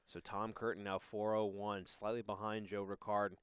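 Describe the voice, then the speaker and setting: A man doing live play-by-play commentary on a darts match, excitable and prone to loud exclamations on a close mic. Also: lowish voice, normal speed, clear, resonant tone, dry recording. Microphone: close mic, apologizes for being too loud.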